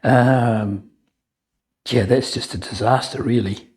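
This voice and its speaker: A man's voice: medium pitch, fairly even intonation, slow, a little mellow, slightly rough, low-quality recording. A man narrating a solo tabletop wargame battle report in a chatty way, with joking asides and frequent ums. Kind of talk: casual game commentary.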